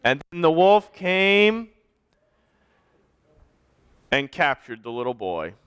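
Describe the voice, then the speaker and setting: Man, church pastor, animated storyteller for kids; slightly higher voice, swinging pitch. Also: takes it slowly, smooth. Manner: animated storytelling, directing children to act it out. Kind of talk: children's story in a church service.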